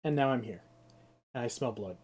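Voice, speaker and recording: A man's voice: mid-range voice, moderate pace, a little mellow, breathy edge. A young man with a sore throat ranting and swearing through a casual live-stream of a game. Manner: ranting, exasperated, swears freely.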